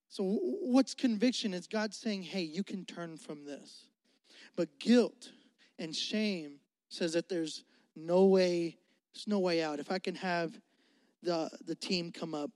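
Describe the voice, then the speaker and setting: Young male pastor, high voice, dry close sound, casual preaching. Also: slow, long pauses, fairly bright tone, no echo. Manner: conversational preaching, acts out dialogue. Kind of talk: sermon.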